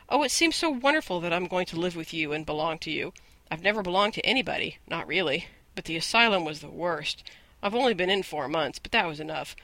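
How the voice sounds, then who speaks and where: A man's voice: high voice, sharp tone, no room sound, full character voice, low-quality recording. A man voicing an eager, imaginative eleven-year-old orphan girl who chatters on breathlessly in an audiobook. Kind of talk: audiobook character voice.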